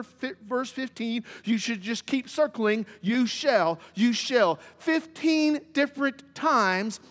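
A man's voice: very high voice, a bit bright. A male pastor preaching a sermon in a church, emphatic and repetitive, with rhetorical questions. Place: church sanctuary. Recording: long hall reverb.

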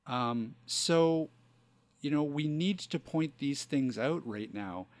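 A man co-hosting a casual podcast, talking in an earnest, relaxed way full of filler phrases. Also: on the high side, slow, dry recording. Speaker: podcast co-host. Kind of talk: casual chat.

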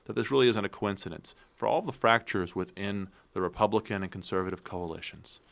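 A man speaking as a guest in a political interview, measured and analytical, often repeating words as he thinks. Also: on the low side, creaky, a bit bright. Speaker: guest commentator.

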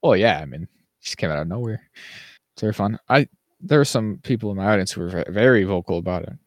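Animated ranting man, low voice. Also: quick pace, dry recording, studio quality. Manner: animated, ranting, mimics people in quotes. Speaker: podcast co-host. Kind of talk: casual chat.

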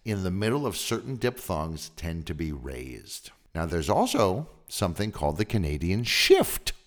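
A man's voice: deep voice, wildly swooping pitch, normal speed. A male podcast host from the United States, chatting casually and reading out notes to quiz his guest. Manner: curious, reads out notes and quizzes the guest. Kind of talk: casual chat. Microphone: remote call recording.

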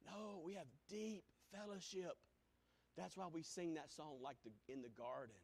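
A man preaching a sermon, swinging from booming exclamations to hushed lines and breaking into sung hymn phrases. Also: moderate pace, gravelly, breathy edge.

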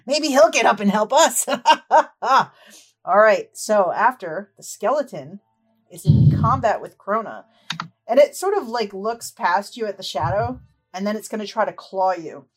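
Woman narrating as game master. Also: medium pitch. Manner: lively, descriptive, quick laughs.

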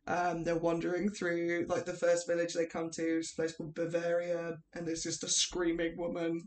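A young English woman co-hosts a podcast, telling animated stories and laughing often as she chats casually. Her voice is fairly low and she talks at a normal speed.

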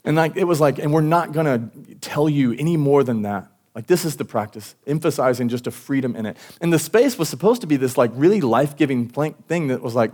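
A pastor delivering a sermon at a church service, talking informally with many restarts and fillers. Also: male voice, a little high, a little fast, few pauses, a little mellow.

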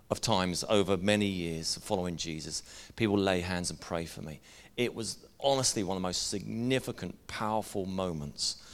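Earnest pastor, lowish voice. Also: male voice. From Northern Ireland. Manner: earnest, conversational, personal storytelling. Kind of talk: sermon.

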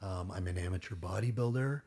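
Middle-aged guy, husky and gravelly, rambles through a story, swears casually. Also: sits low, fairly quick, darkish tone. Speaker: guest. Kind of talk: casual storytelling in a podcast interview.

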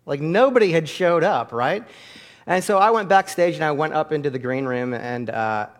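A middle-aged pastor delivering a sermon in a slightly high voice. He tells stories in a loose, chatty way full of fillers, then lifts into loud, fervent calls for his congregation to repeat prayers after him. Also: animated, normal speed. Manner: conversational storytelling with many fillers.

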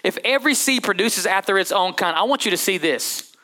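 Bright, animated preacher man. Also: high-pitched, a little fast. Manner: animated, conversational, calls to the crowd. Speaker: pastor. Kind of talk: sermon.

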